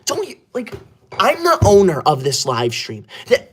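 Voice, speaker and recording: A man's voice: sits high, huge pitch swings, a little slow, breathy edge, heavily acted. Tyler, a man playing a touchy young streamer. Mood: indignant. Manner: indignant, scolding, keeps voice hushed. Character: touchy bossy young male livestreamer, easily offended. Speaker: livestreamer. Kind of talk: comedy skit of a live stream. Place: indoor room upstairs, away from home.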